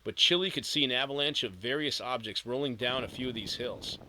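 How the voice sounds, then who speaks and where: A man narrating an audiobook in a steady storytelling read with vivid emphasis. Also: medium pitch, brisk, slight background noise, rough recording.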